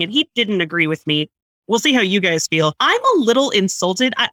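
A woman co-hosting a podcast, chatting casually about a movie in an animated, mock-offended way. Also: mid-range voice, dry recording. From United States. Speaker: podcast co-host. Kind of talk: casual movie review chat.

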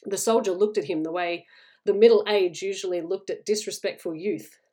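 A woman's voice: mid-range voice, fairly even intonation, moderate pace, a little mellow. Woman reading a story aloud. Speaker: narrator.

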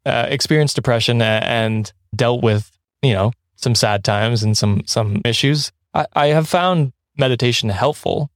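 A man's voice: mid-range voice, normal speed, no echo, clean studio sound. Laid-back male podcast host. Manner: rambling, self-correcting, laughs often. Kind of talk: casual podcast chat.

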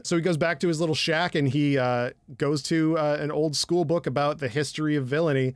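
Young male podcast co-host, slightly high voice, dry close mic, casual and animated. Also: quick pace, few pauses, no room sound. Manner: animated, breaks into loud impressions and laughter. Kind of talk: casual anime discussion.

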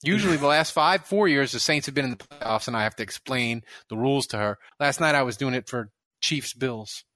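A man co-hosting a podcast, bantering in a lively, jokey way. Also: mid-range voice, fairly quick, no echo. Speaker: podcast co-host. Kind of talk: casual sports chat.

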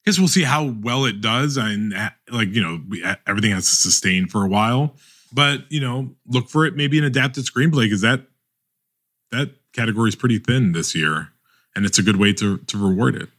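A man co-hosting a podcast, chatting casually about awards season in a rambling, halting way full of restarts. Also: fairly low pitch, lively intonation, a bit bright. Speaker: podcast co-host.

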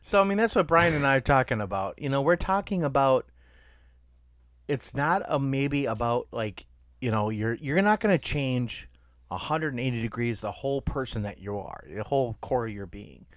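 An easygoing man co-hosts a podcast, backing up his partner and summing up points. His mid-pitched voice is recorded close and dry. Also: animated, a bit bright, no room sound. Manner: easygoing, quick to agree and laugh along. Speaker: podcast co-host and editor. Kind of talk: casual podcast chat.

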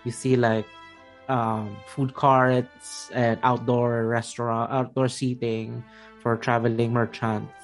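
A man's voice: medium pitch, level tone, slow. Man, game master, rambling narration, filler-heavy, faint music behind. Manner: rambling, many fillers and self-corrections.

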